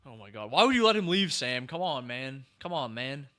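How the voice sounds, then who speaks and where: Excitable young man reacting to a film. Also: medium pitch, a little fast. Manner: excitable, exclaims and talks back to the screen. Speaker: podcast host. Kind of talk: casual movie reaction commentary.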